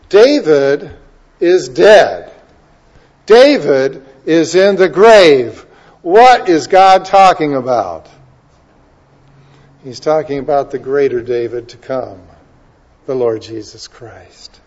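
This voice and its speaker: High-voiced impassioned preacher man. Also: lively intonation, slow, long pauses. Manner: impassioned, builds to loud emphatic declaiming. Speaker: pastor. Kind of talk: sermon with scripture reading.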